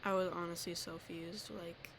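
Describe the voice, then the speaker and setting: A woman's voice: lowish voice, fairly even intonation, moderate pace, a bit bright, a little hiss or hum. A teenage girl ranting casually to camera, rambling and self-deprecating, with lots of filler words. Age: teens. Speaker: vlogger.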